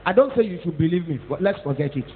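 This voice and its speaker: A Nigerian-accented woman pastor preaching a scolding, animated sermon, mixing in Pidgin and Yoruba and rising to shouts at times. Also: on the low side, fast talker. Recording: tinny phone-like echoey hall.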